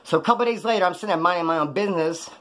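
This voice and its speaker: A former prisoner telling stories about prison life in a blunt, rambling, profane way. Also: male voice, high-pitched, racing, fairly bright tone. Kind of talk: casual storytelling monologue.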